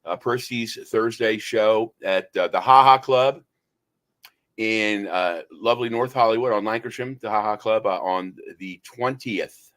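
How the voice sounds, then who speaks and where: A man's voice: on the low side, measured pace, a bit bright. Man, radio show host, casual rambling chat, hesitant. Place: talk radio studio.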